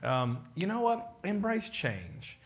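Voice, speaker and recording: A man's voice: high-pitched, wildly swooping pitch, slow. A man, a pastor giving a casual, joking leadership talk to his congregation and acting out the people he quotes.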